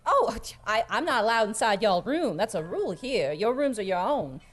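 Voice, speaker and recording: A fussing, doting cat mother figure, as a woman puts her on with a drawl. Her sweet, folksy talk swoops through a lively pitch range, warm and chatty. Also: moderate pace. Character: motherly female cat innkeeper helper, fussing.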